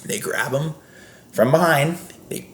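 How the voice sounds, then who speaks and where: A man's voice: on the high side, slow, reverberant, a little hiss or hum. A man guest on a podcast, telling stories casually in a rambling way with frequent restarts. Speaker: guest, scare actor.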